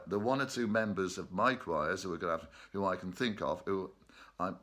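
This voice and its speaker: A man leads an online choir rehearsal from his bedroom at home, chatting, joking, and laughing often. His voice is low-pitched and a bit bright.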